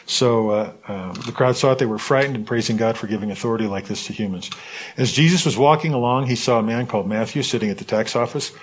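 A man leading a Bible study, reading scripture aloud in a lively way and stopping to comment on it. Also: medium pitch, fast, breathy edge, low-quality recording. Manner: animated reading, voices the quotes with asides.

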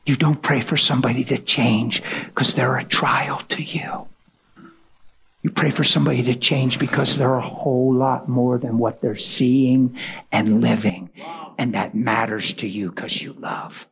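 A man preaching a sermon, telling a story dramatically and swinging from hushed whispers to loud, high cries. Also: steady tone, unhurried, creaky, a little hiss or hum.

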